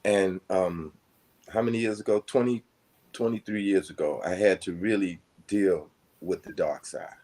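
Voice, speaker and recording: An older man with a low, husky voice talks through a personal story at an unhurried, meandering pace, full of fillers and asides. His manner is reflective and conversational, as if talking with a friend. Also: mellow. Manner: rambling, reflective, with many fillers. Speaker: guest.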